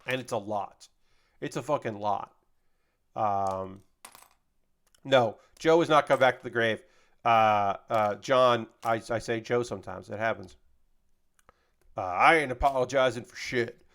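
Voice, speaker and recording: A man's voice: medium pitch, measured pace, pauses often, fairly bright tone. A man chatting casually on a live stream while building LEGO, rambling and swearing freely as he reads out chat messages.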